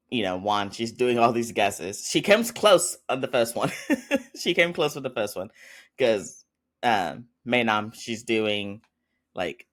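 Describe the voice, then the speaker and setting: A male podcast host walks through a drama episode in a relaxed, rambling recap. His voice sits a little low, and he scatters ums and quick chuckles through his telling. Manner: chatty, rambling, with frequent fillers and little laughs.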